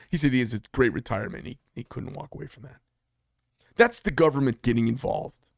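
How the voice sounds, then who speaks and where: A man's voice: mid-range voice, expressive, a little fast, vocal fry, dry recording, clean studio sound. A man and business owner giving a blunt, heated casual monologue, telling a story with asides. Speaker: business owner talking to camera.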